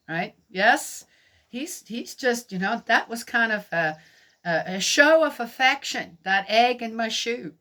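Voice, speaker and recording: A woman's voice: fairly high pitch, lively intonation, slow, bright, forceful tone. A middle-aged woman from Switzerland teaching a Bible lesson, telling personal stories in a chatty, laughing way and asking her listeners questions. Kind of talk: storytelling sermon.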